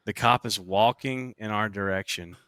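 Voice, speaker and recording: A young man on a podcast telling a story in a casual, animated and profane way, acting out what people said. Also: lowish voice, moderate pace, clear, resonant tone, no room sound, clean studio sound. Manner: animated, profane, acts out quotes. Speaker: podcast co-host.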